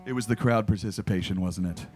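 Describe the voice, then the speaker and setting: Between songs at a live show, an American singer-songwriter offers dry, self-deprecating stories as casual stage banter. His voice is lowish and a little mellow, and he talks fast, with guitar playing behind him.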